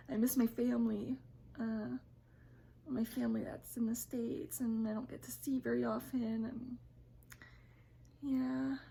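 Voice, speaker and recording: A woman vlogging casually from her home kitchen, chatty and emotional, sometimes dropping to a soft whisper. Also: fairly high pitch, flat delivery, slow, gravelly, pauses often, slight background noise. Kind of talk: casual home vlog chat.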